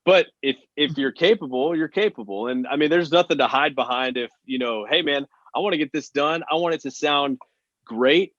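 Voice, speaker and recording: A man's voice: fairly high pitch, moderate pace, a bit bright, no room sound, highs cut off. A man from Texas, a country singer guest, talking earnestly in casual interview chat with many "you know" fillers.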